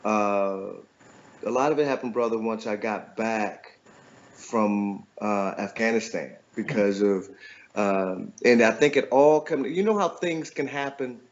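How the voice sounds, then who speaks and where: A man's voice: lowish voice, unhurried, dull audio. A middle-aged man, an author and guest, telling a personal story in a loose, reflective way, often checking in with "right?".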